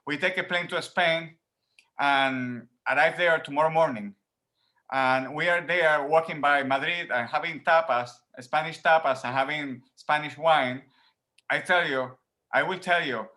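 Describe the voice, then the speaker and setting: Animated man with a bright voice. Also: on the high side, moderate pace. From Puerto Rico. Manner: animated, laughs often, repeats words while thinking. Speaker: professor guest. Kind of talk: conversational interview answer. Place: at home.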